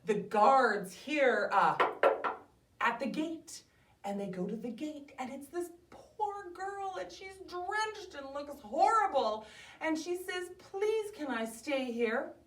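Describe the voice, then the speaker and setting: A woman hosting a library storytime, reading a fairy tale aloud to children with animated expression. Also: high voice, slow. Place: library room. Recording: roomy, mic at a distance.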